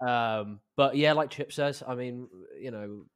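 A man, a podcast guest talking in a relaxed way with many fillers. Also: mid-range voice, a little slow, clean tone. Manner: laid-back, frequent fillers. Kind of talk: casual chat.

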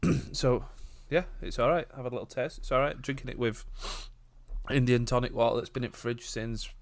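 A man's voice: mid-range voice, fairly even intonation, a little fast. Matter-of-fact English man, mid voice. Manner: matter-of-fact, sweary teasing. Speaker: podcast co-host. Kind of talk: casual banter.

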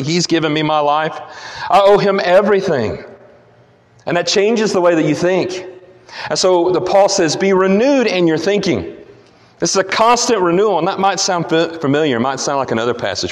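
An earnest preacher with a slightly high voice works through the text verse by verse in an expository sermon. He frequently restarts his phrases while explaining, and a long church-hall reverb trails his voice.

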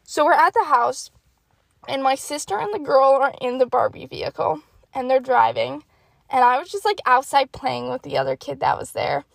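A young woman with a high voice and a gravelly, fried edge chats on her podcast, laughing at herself as she tells stories and swears freely. She talks into a close mic in a dry, dead room with no echo. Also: normal speed. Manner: animated, self-mocking, swears freely. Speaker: podcast host. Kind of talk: casual storytelling monologue.

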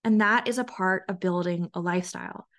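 A woman's voice: on the low side, a little fast, a bit bright. A woman hosting a solo podcast as a health coach, talking in an earnest, conversational way with frequent restarts.

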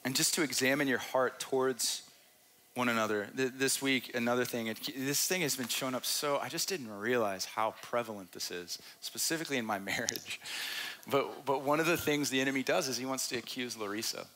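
A male pastor preaching in an earnest, conversational way, often repeating a phrase to drive it home. His voice sits at an ordinary middle pitch for a man. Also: fairly quick, sharp tone, a little hiss or hum. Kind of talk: sermon. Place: church stage.

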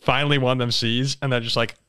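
A man hosts a casual sports podcast and tells stories in an animated way, breaking into laughter often. His voice sits at an ordinary middle pitch. The sound is dry and close, with no room echo. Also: fast, clear, resonant tone. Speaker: podcast host.

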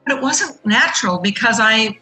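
A woman's voice: fairly high pitch, animated, normal speed, pushed and bright, faint music behind, rough recording. A middle-aged woman answering interview questions in an earnest, explanatory way, leaning on her key points. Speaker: guest.

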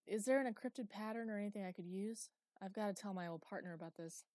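A woman's voice: medium pitch, fast, darkish tone, no echo, studio quality, lightly acted. Woman reading an urgent, tense young man. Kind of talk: audiobook character voice.

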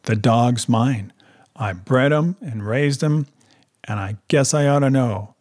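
A man reading aloud voices a slow, plain-spoken Klondike dog-musher with dry humor and a husky tone. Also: mid-range voice, darkish tone.

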